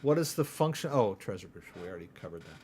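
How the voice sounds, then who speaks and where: A man from the United States hosting a live crypto Q&A, talking casually and rambling as he demos software and asks "right?" again and again. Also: low voice, big pitch swings, quick pace, breathy edge. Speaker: crypto livestream host. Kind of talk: casual live Q&A with screen demo.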